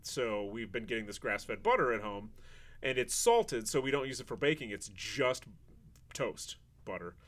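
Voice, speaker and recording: A man hosting a podcast, chatting in a relaxed, rambling way. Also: mid-range voice, moderate pace. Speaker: podcast host. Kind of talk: casual chat.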